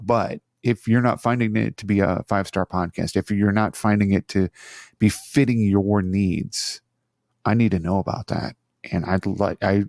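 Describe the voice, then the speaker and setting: A man's voice: sits low, gravelly, a little mellow, no room sound, clean studio sound. A middle-aged man hosting a solo podcast, chatty and self-deprecating, rambling with frequent restarts. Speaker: podcast host. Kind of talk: casual solo podcast talk. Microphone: studio microphone on an arm.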